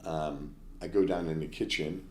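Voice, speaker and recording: A man with a deep, low voice tells his stories in a brisk, blunt way as an interview guest. His voice bounces around an echoey room, and faint ambient noise sits underneath. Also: steady tone, a little mellow. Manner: brisk anecdotes with blunt asides. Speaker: guest chef. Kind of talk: storytelling interview.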